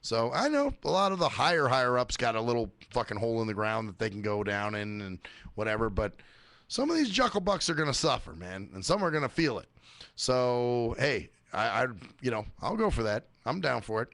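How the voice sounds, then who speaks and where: A man's voice: medium pitch, very animated, moderate pace, fairly bright tone, dry recording. A man hosting a radio show, ranting in a profane, sarcastic monologue. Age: adult working age.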